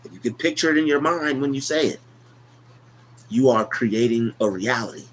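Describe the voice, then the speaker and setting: A man of middle pitch hosts a casual livestream, circling back over his words and leaning preachy as he talks. A faint background ambience sits under his voice. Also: lively intonation, moderate pace, a bit bright, a little hiss or hum. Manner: loose, repetitive, preachy. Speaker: livestream host. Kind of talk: casual motivational livestream talk.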